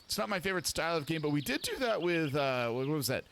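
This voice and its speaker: A man's voice: fairly high pitch, big pitch swings, fast talker, a bit bright. A man in his forties giving easygoing, self-mocking commentary while playing a game. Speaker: gaming channel host. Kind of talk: casual gameplay commentary.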